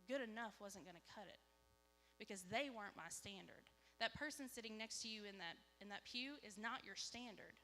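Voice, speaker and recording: A woman, giving an animated church testimony and acting out dialogue. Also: a little high. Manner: animated storytelling, acts out dialogue. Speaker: lay speaker giving a testimony. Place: church sanctuary. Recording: live church hall with reverb, faint hum.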